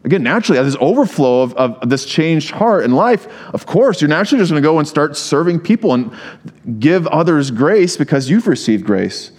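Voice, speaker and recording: Male pastor, lightly higher voice, very expressive delivery, chatty sermon with jokes. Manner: conversational preaching with asides and humor; reads scripture aloud.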